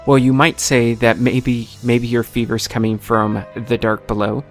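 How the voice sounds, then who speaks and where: A man hosts a casual podcast with an easy, joking delivery. His voice sits at an ordinary middle pitch. A little music plays faintly behind him. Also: level tone, unhurried. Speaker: podcast host.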